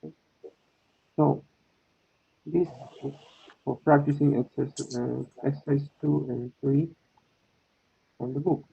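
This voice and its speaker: A man teaching an online English class, slowly checking in with his students. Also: fairly high pitch, fairly even intonation, vocal fry, husky. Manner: slow, repeats with "okay?" and "no?" checks. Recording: tinny phone-like line.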